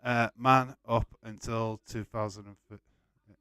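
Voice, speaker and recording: A man's voice: lowish voice, fairly even intonation, slow, pushed and bright, clear, resonant tone, dry recording. A man hosting a casual live watch-along stream, chatting loosely with frequent swearing and rambling restarts. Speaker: livestream host.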